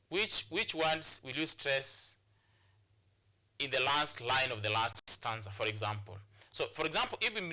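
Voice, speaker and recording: A man's voice: medium pitch, sharp tone. A man with a Kenyan English accent teaching a lesson on word and sentence stress, repeating words and restarting phrases as he explains. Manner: repetitive, restarts phrases, drills words aloud. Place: studio or classroom for educational broadcast.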